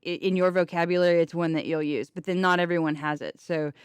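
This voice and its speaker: Woman musician guest, from Kansas, chatty and easygoing, smooth tone, dry booth sound. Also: on the low side, steady tone, fast, no echo. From Kansas, USA. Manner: chatty, self-deprecating, laughs often. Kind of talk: casual radio interview.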